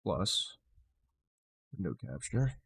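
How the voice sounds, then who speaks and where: A man chatting on a live stream who mutters and swears in exasperation as he fixes his setup. He talks slowly and unhurriedly, and his pitch swings widely. He keeps breaking off to apologize to his viewers. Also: very animated, gravelly, a bit bright, breathy edge.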